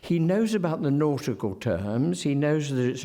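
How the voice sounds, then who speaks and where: A man's voice: a little high, very animated, mellow. Wry, digressive male scholar lecturing. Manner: digressive and wry, slowing to carefully enunciate example words; frequent ums and self-corrections. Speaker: literary scholar giving a lecture. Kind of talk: academic lecture.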